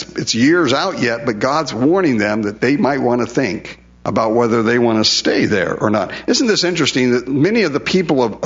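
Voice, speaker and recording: A man teaching a Bible passage in a relaxed, conversational way, asking rhetorical questions and paraphrasing God in everyday speech. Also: medium pitch. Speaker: pastor. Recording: dull lo-fi sound.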